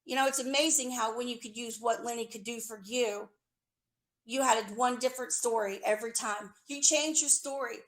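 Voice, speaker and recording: A woman with a high voice tears into someone in a furious, confrontational rant. She is accusatory and sarcastic, and she swears freely. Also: fairly even intonation, normal speed, a bit bright.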